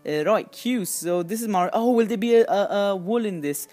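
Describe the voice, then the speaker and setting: A woman hosting a gaming video, giving excitable, chatty commentary as she plays and often squealing in excitement. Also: medium pitch, moderate pace, soft background music. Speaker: gaming channel host. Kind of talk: casual game commentary.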